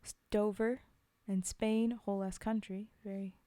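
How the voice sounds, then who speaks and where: A woman's voice: mid-range voice, little pitch movement, moderate pace, warm tone, dry recording. A woman streamer chatting casually between poem readings, giggling and filling gaps with ums. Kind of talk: casual chat between poems.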